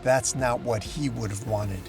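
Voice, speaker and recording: A man's voice: mid-range voice, fairly even intonation, measured pace, vocal fry, over music, pitched below the performer's own voice. Man reading an urgent, pleading young daughter.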